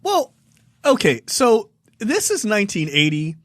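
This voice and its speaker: A man in his forties casually reviewing films as a podcast co-host, profane and laughing through animated retellings. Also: sits high, a little slow, dry recording, studio quality. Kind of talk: casual film review chat.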